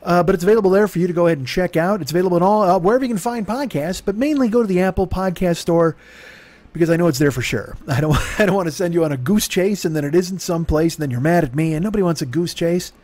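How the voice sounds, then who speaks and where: A man's voice: high voice, quick pace, darkish tone. A man hosting a comedy podcast, rambling in circles with self-mocking, profane asides. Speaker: podcast host.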